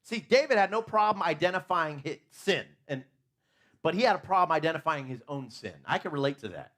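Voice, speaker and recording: Conversational preacher with a fairly high voice. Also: male voice, lively intonation, fairly quick, fairly bright tone. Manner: asks the audience questions, talks about his own faults. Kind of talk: conversational sermon. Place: church.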